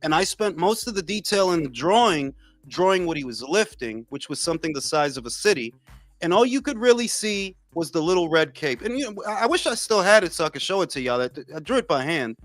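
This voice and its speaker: A man hosting a casual boxing panel chat, excitable, profane and rambling. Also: fairly high pitch, fairly quick, no room sound. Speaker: podcast host.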